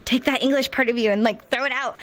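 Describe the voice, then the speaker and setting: A woman teaching a sign language class in a relaxed, teasing way, slowing down to model each phrase. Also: high-pitched, poor audio. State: hot and sweaty. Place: warm room, virtual reality class.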